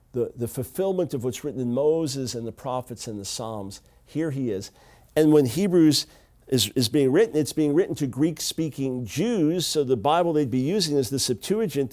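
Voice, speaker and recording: A middle-aged man teaching the Bible to camera in an animated, emphatic way, repeating key phrases. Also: medium pitch.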